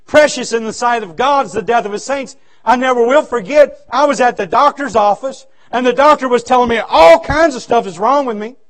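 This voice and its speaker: Male revival preacher, very high voice, fervent, shouts then drops low. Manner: fervent preaching that swings from loud shouts to low, quiet stretches. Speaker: pastor. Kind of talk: revival sermon. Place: church.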